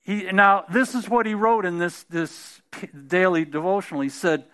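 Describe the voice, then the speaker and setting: A man's voice: high-pitched, steady tone, normal speed, few pauses, a bit bright. A man preaching a sermon in a conversational way, often restarting phrases and building to emphatic peaks.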